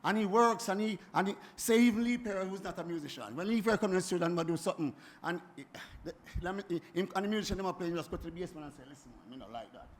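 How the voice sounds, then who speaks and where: A Jamaican man in his seventies, speaking at a forum in an animated, emphatic way that keeps circling back and repeating itself. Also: sits high, rapid-fire. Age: 70s. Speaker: music producer speaking at a forum. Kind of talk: impassioned spoken address.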